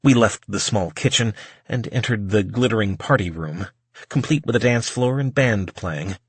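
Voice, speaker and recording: A man narrating an audiobook in the first person, with a measured, wry reading. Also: fairly low pitch, slightly rough, dry recording.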